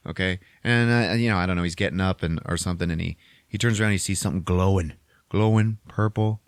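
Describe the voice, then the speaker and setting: A man's voice: low-pitched, no room sound, clean studio sound. A man in his forties, a podcast host, recapping a movie in casual, profane, rambling chat full of fillers.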